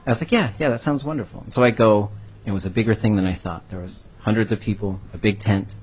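A man with a husky, somewhat low voice answers on a panel. He speaks as a language educator and tells his story earnestly and from the heart. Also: steady tone, fast, a little mellow.

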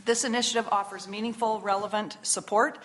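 A woman in her sixties giving measured, earnest testimony to a legislative committee from prepared remarks. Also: medium pitch, fairly even intonation, background noise. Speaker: invited testifier. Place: committee hearing room.

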